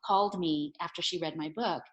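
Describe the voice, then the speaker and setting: A woman's voice: fairly low pitch, fairly quick, lo-fi sound. A woman in her forties, an author guest, telling a story animatedly and acting out the quoted voices. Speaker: guest, women's health author. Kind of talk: storytelling in an interview.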